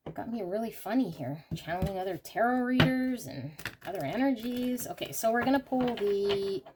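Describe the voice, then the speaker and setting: A woman's voice: medium pitch, lively intonation, background noise. A woman giving a pick-a-card tarot reading to her viewers, talking emphatically with rants and many "okay"s. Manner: emphatic, ranting, rapid asides; frequent fillers like "okay" and "here". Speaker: tarot reader. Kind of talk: intuitive tarot reading to camera.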